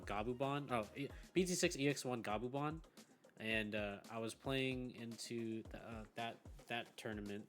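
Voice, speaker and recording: A young man with a low voice rambles through a casual chat, swearing freely and laughing often. Faint music plays behind him. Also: fairly bright tone. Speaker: team member on a gaming podcast.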